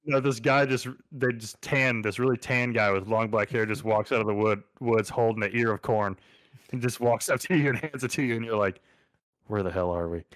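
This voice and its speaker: A man's voice: medium pitch, steady tone, brisk, fairly bright tone, no room sound. Dry-voiced joking man in casual chat. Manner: jokey, reads facts aloud.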